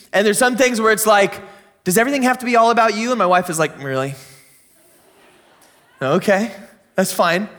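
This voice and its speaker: A man in his thirties, a pastor, giving a conversational sermon in church with animated storytelling. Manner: conversational storytelling with animated swings in pitch and volume.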